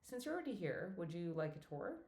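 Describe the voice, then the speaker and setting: A woman putting on a brisk, friendly older box office lady. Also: lowish voice, sing-song, a little mellow. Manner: brisk, teasing, motherly. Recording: roomy echo.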